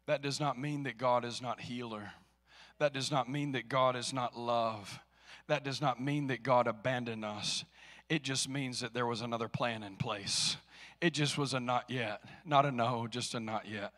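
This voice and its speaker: A man preaching a sermon as pastor, swinging from hushed storytelling to loud exhortation. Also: medium pitch, fairly even intonation, normal speed, big-room sound. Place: church sanctuary.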